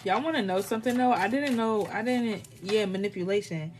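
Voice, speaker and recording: A woman's voice: medium pitch, a little fast, heavy background noise. A woman doing a casual live tarot reading, talking in a blunt, rambling way full of swearing. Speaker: tarot reader.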